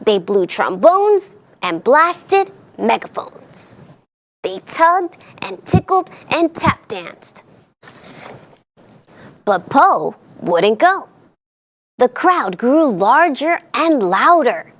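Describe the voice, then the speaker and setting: A woman hosts a children's storytime, reading a picture book aloud in a sing-song storyteller voice and putting on playful voices for the characters. Her voice is high, moves through big pitch swings, and goes at a slow pace.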